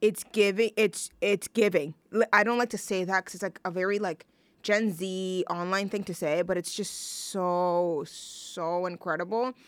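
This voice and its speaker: A young woman from New York hosting a show, chatting casually and gushing excitably, with lots of filler words and slang. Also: fairly low pitch, moderate pace, smooth, no echo. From New York, USA. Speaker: show host introducing songs. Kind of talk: casual chat.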